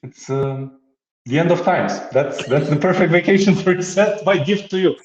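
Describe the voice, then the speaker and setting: A man giving a casual software demo, joking and laughing often, with many restarts and fillers. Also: on the high side, moderate pace, slight background noise. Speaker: guest demonstrating software. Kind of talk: casual tech demo chat. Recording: roomy, slightly dull remote audio.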